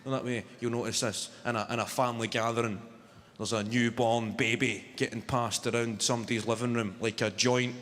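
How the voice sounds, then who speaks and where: A man's voice: medium pitch, level tone, fairly quick, background noise. A young man in his twenties with a Glasgow accent, doing an exasperated, sweary stand-up comedy set. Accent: Glaswegian Scottish. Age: 20s. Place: comedy stage with live audience.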